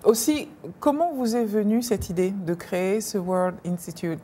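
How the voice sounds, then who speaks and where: A woman co-hosting a bilingual talk show in a lively, teasing way, and she laughs easily. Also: mid-range voice, normal speed. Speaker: co-host.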